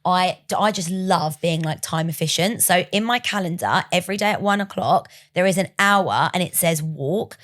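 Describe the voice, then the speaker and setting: A woman's voice: on the low side, moderate pace, hardly any pauses, fairly bright tone. A woman chatting frankly as a podcast guest and business mentor, with casual swearing. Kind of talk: casual chat.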